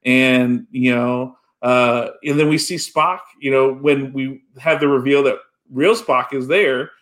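A man's voice: medium pitch, steady tone, unhurried, a bit bright. A man talking casually about a film, with many fillers and restarts. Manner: rambling, full of "you know" fillers. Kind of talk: casual chat.

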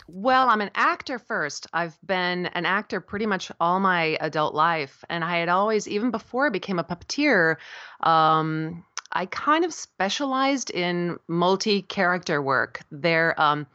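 A middle-aged woman from South Florida, a puppeteer and voice actor, telling stories as an animated interview guest. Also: on the low side, dry recording, dull audio. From South Florida, USA. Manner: animated storyteller, laughs often, jumps into quoted voices. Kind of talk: casual interview chat.

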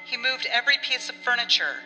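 A woman narrating an audiobook story in an expressive way, acting out the dialogue. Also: on the high side, fairly quick. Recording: long reverb with faint music.

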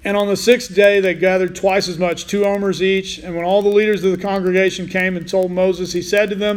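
A man's voice: high-pitched, flat delivery, a little fast, hardly any pauses. A man preaching a casual Bible sermon, asking his listeners questions as he goes. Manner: informal, asks the listeners questions. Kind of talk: conversational sermon.

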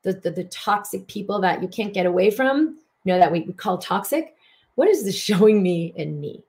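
A woman's voice: mid-range voice, lively intonation, normal speed, darkish tone. A woman hosting a spiritual healing broadcast, talking in an earnest, flowing way and repeating words for emphasis.

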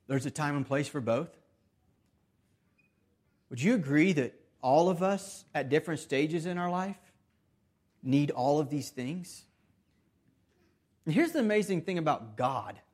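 A man preaching a sermon earnestly, with restarts and repeated phrases, swinging between loud emphasis and soft, hushed stretches. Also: on the high side, breathy edge. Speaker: pastor.

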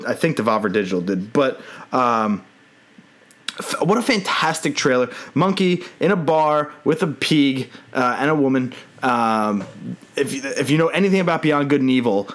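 A man hosting a casual podcast, talking enthusiastically and recapping a game trailer at length. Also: mid-range voice. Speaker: podcast host. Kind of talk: casual podcast chat about games.

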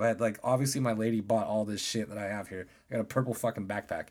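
A man in his thirties with a deep voice, hosting a casual podcast monologue and telling loose, profane stories about his days. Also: fairly even intonation, fast talker, hardly any pauses, a little mellow. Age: 30s. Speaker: podcast host.

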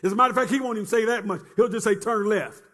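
A man with a very high voice preaches in a rising and falling, chanting cadence. He repeats phrases and calls on the congregation to respond as he delivers a sermon. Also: rapid-fire, fairly bright tone.

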